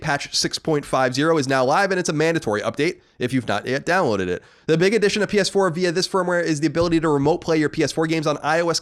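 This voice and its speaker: Fast-talking man co-hosting a podcast. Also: a little high. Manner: loose, joking, swears. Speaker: podcast co-host. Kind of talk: casual podcast chat reading news.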